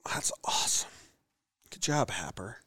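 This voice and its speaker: A man's voice: measured pace, pushed and bright, no echo. A man co-hosting a casual sports podcast, reading stats and making dry, joking asides. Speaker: podcast co-host.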